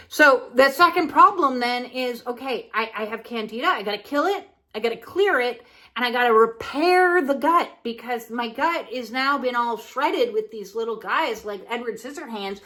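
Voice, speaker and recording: A frank, jokey woman vlogger who chats casually and swears freely as she explains her routine. Her voice sits a little high and rings bright and forceful. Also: normal speed, low-quality recording. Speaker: wellness vlogger. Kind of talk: casual health vlog talk.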